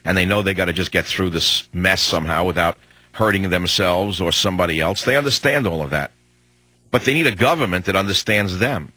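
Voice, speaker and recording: A man's voice: low voice, animated, fairly quick, sharp tone, no room sound, rough recording. A combative talk radio host, a man in his sixties, delivering an emphatic, hectoring monologue on a studio microphone.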